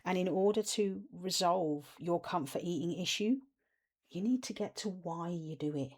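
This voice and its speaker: A woman's voice: fairly low pitch, moderate pace. A woman, an inner-child coach, talking earnestly and encouragingly to her viewers. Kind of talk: self-help video talk to camera.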